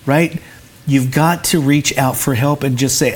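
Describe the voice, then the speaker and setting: A man's voice: mid-range voice, fairly even intonation, a little slow, husky. Earnest preacherly man. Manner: earnest, preacherly, repeats words when searching. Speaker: recovery center director and pastor. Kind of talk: interview guest.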